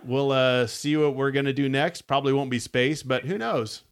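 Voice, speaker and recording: A man's voice: medium pitch, normal speed, clean tone. A man co-hosting a podcast who laughs often and reads story passages aloud between casual chat. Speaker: podcast co-host. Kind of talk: casual chat with book reading.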